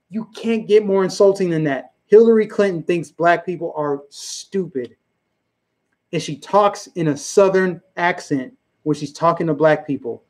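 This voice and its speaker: A man's voice: sits high, darkish tone. A man hosting a political commentary livestream, talking emphatically and repeating his points while chatting with his viewers. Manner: emphatic and repetitive, chatting with the live chat. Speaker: livestream host.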